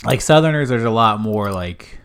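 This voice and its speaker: A young man from South Carolina co-hosting a casual podcast chat. His voice sits a little low, and he talks in a laid-back way with frequent laughs. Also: expressive, moderate pace, fairly bright tone, smooth. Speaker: podcast co-host.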